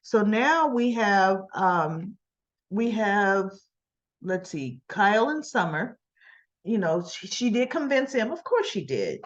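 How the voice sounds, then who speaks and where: A woman's voice: medium pitch, very animated, slow pace. Chatty woman recapping soap scenes, lo-fi. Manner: chatty, retells scenes in quoted lines with asides. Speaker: soap opera recap host. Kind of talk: casual spoken recap.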